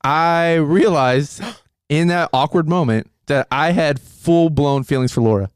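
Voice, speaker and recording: A man's voice: fairly high pitch, a little slow, clean tone, no echo. A man casually telling embarrassing dating stories, laughing often and swearing freely. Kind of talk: casual chat, storytelling.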